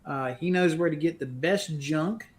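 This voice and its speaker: Guy doing a tired lady dealer, dry, kinda high for him, tabletop game. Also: a little slow, natural voice. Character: weary woman spaceport dealer, dry.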